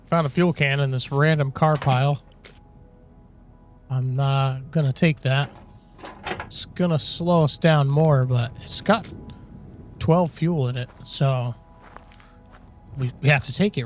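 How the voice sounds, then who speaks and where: A man giving casual gameplay commentary, rambling and joking with lots of fillers. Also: medium pitch. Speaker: game video creator.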